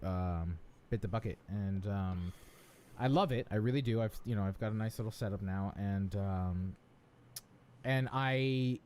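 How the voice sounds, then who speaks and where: A man's voice: lowish voice, measured pace, smooth. A man hosting a live podcast, chatting casually and teasing his co-hosts. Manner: animated, jokey, playful teasing. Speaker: podcast host.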